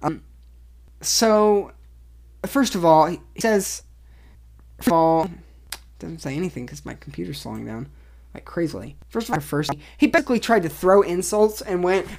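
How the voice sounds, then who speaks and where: A woman's voice: on the low side, animated, moderate pace, a little mellow. A young woman hosting a casual solo commentary show, giving blunt opinions and reading articles aloud with rambling asides. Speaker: podcast host.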